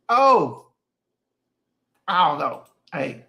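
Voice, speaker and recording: A stream host whose voice sits on the high side and sounds fairly bright talks at an ordinary pace. Reading chat, he tells casual stories with emphasis and leans on repeated phrases for effect.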